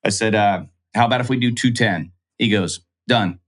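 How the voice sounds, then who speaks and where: A man's voice: on the low side, moderate pace. A man, a real estate investor guest, telling a business story in casual talk and acting out the voices of the people in it. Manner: animated, acts out quoted dialogue.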